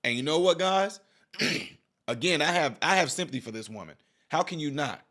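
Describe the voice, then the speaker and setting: A man's voice: fairly high pitch, expressive, moderate pace, pushed and bright. A man giving heated reaction commentary, preaching straight at his viewers and hammering home repeated rhetorical questions. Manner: addresses viewers directly as y'all. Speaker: political commentator.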